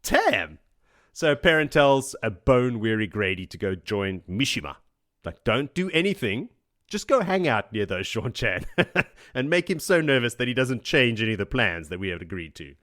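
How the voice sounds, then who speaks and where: A man's voice: medium pitch, sing-song, moderate pace, a bit bright, no room sound, studio quality. A man hosting a podcast, recapping a book chapter by chapter in a casual, joking way with frequent laughs. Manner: joking, chatty, laughs often. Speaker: podcast host.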